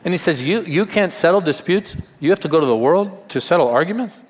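A man's voice: a little high, lively intonation, brisk, husky, big-room sound. A male pastor giving a sermon in a conversational way, with rhetorical questions and humor.

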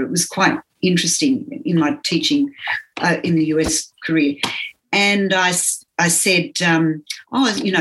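An older Australian woman with an accent from home, reflecting on her teaching career in an earnest, halting way with many pauses. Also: on the low side, fairly bright tone, rough recording. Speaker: interviewee, physiotherapy teacher. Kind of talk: reflective interview talk.

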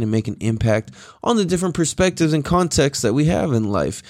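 A man's voice: mid-range voice, a little mellow, no room sound, studio quality. Tired, laid-back, swearing podcast host guy. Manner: laid-back, profane, rambling with laughs and fillers. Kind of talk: casual solo podcast monologue.

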